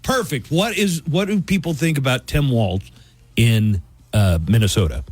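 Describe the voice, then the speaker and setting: Husky male radio host, lively chatter. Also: medium pitch, moderate pace, no echo. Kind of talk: casual radio chat.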